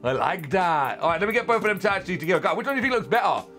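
A young man, chatting casually and exclaiming loudly as he unboxes and tests spinning-top toys. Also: high voice, racing, soft background music. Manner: excitable, chatty, exclaims loudly at toy battles. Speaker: toy reviewer. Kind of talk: casual unboxing and testing commentary.

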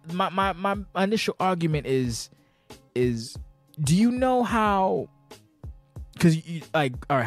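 A man hosting a podcast in casual chat, a little tipsy, rambling, swearing and stumbling over his words as he rants. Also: a little high. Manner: rambling, profane, animated, stutters and restarts. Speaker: podcast host.

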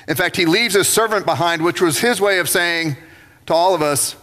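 Man, pastor preaching, animated storyteller, higher voice, long church reverb. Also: moderate pace. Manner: animated storytelling, acting out biblical figures. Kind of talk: sermon. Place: church sanctuary.

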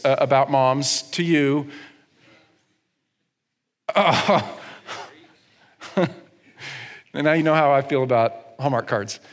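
With a fairly high, slightly bright voice, a man preaches in church, keeping his sermon conversational and funny, with humorous asides and regular check-ins with listeners. Long reverb fills the church hall.

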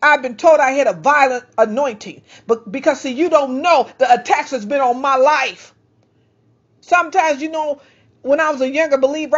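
A woman preaching a fervent sermon into a handheld microphone, breaking into praise and stumbling for words. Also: sits high. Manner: fervent, praising, halting at times. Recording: slightly dull lo-fi sound.

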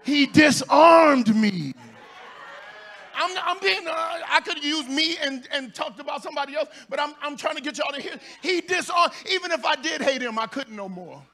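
A male pastor preaching a sermon in church, telling stories with shouts, laughter and playful asides to the congregation. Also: extremely high pitch, lively intonation, fairly quick, few pauses.

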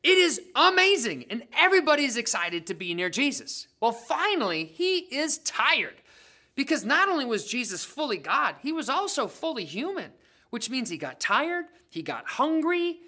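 A woman's voice: sits high, sing-song, moderate pace, bright, forceful tone. Bubbly woman telling a Bible story. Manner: playful, dramatic, slangy. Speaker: children's ministry leader. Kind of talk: animated Bible storytelling for kids.

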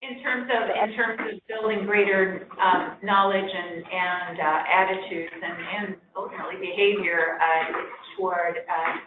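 A woman committee member asking a question in a meeting, halting and searching for words. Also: on the low side, steady tone. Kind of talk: meeting discussion. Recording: echoey room, phone-like, noisy.

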